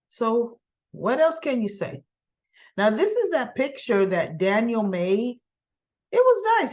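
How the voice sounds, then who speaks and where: A woman's voice: mid-range voice, muffled recording. A woman hosting a soap opera recap channel, chattily retelling an episode and acting out the characters' lines. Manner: chatty, acts out lines with tag questions.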